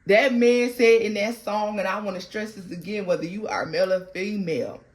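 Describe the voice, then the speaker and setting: A woman giving a casual tarot reading to her viewers, animated and slangy. She breaks into bits of song and laughs often. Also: mid-range voice, fairly quick. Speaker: tarot reader.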